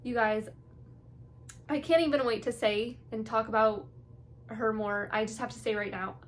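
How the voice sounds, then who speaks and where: A woman's voice: on the high side, fairly even intonation, measured pace, pauses often. A young woman vlogging her reactions to a TV episode in casual, bubbly, gushing chat. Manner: gushing, bubbly, full of "like" and "you guys".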